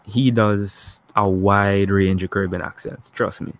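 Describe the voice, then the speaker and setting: Low-voiced man, relaxed chat. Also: a little slow. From Guyana. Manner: relaxed, talks to viewers in the chat. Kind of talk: casual chat.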